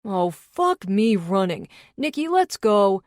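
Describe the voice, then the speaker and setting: A woman's voice: mid-range voice, expressive, brisk, dry recording, studio quality, pitched above the performer's own voice, lightly acted. A woman narrator voicing a goofy, squeamish young biker man who gets flustered.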